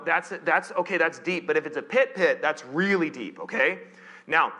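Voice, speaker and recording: A man's voice: fairly high pitch, pushed and bright. A male pastor preaching a conversational sermon in church, with playful asides and frequent self-corrections.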